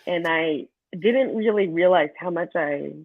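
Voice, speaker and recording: A US middle school teacher from the Kansas City area recounts student stories in a casual interview, speaking at a fairly low pitch and a measured pace. She is animated, laughs frequently and mimics her students' voices. Tinny, phone-like call audio with no room sound.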